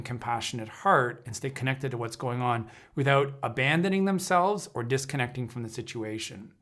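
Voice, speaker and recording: An earnest man of medium pitch gives a reflective talk to a livestream audience. He speaks as an intuitive counselor, often breaking off and restarting his sentences while he searches for how to put a thought. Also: a bit bright. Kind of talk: reflective spoken teaching on a livestream.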